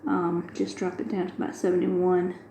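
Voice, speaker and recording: A woman's voice: fairly low pitch, completely flat delivery, normal speed, dark tone, echoey room, slight background noise, low-quality recording. A middle-aged woman, chatting casually and retelling a long everyday story with quoted dialogue. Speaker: craft video host. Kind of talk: casual chat while diamond painting.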